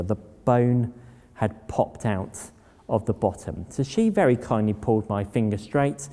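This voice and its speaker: Mellow-voiced man telling stories in a hall. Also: on the low side, a little slow. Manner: anecdotal, plain-spoken storyteller. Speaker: public speaker. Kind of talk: storytelling talk. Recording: long hall reverb.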